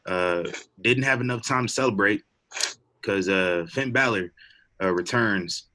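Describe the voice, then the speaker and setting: A man's voice: on the low side, unhurried, bright, forceful tone. A young man co-hosting a podcast, chatting casually and rambling with lots of fillers and laughs. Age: young adult. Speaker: podcast co-host. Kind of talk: casual wrestling chat.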